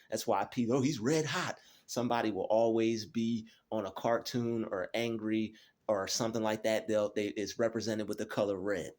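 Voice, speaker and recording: A man hosting his channel, giving a motivational self-help talk, often checking in with "all right?" and slowing down to stress key phrases. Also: lowish voice. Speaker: channel host.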